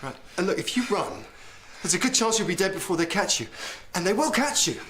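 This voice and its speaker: A steady male doctor. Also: high voice, a little fast, a little hiss or hum, exaggerated voice. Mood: urgent. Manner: calm and reassuring, turning urgent. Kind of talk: TV drama acting.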